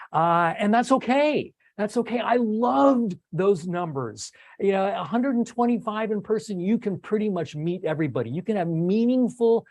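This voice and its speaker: A man's voice: high-pitched, no room sound. Older man hosting, dry close voice. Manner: warm, rambling, many fillers and restarts. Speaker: host. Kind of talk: casual recap talk on a video stream.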